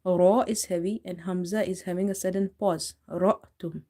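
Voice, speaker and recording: Patient woman teaching tajweed, mellow voice. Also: fairly low pitch. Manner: patient, spells out letters slowly and repeats words. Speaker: Quran recitation teacher. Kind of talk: tajweed lesson, live stream.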